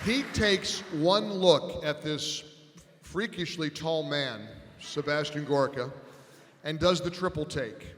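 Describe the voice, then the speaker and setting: A radio talk host telling an animated story to a live audience, building to loud punchlines, on a stage microphone. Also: male voice, on the high side, slow pace, crowd noise, background noise. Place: large event hall on stage. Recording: long reverb in a big hall.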